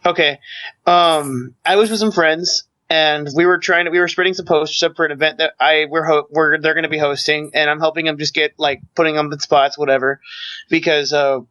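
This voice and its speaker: A man telling a story in casual podcast chat, talking fast and tripping over restarts. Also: on the high side, fairly even intonation, bright, forceful tone. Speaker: podcast co-host. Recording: dull lo-fi mic.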